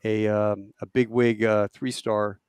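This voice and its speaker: A man, a podcast guest, telling war stories in a lively way, acting out quotes with halting restarts. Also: fairly low pitch, smooth, no echo. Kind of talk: animated war storytelling.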